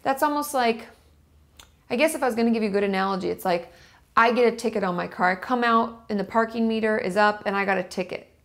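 A woman's voice: on the high side, fast. A woman talking casually to her camera, explaining step by step and checking her notes as she goes. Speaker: vlogger. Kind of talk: casual teaching monologue to camera.

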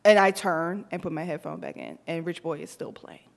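A woman in her thirties, co-hosting a podcast, telling a story in casual chat with lively acted-out quotes. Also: deep voice, fairly quick, gravelly. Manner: animated, tells stories with acted-out quotes. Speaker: podcast co-host.

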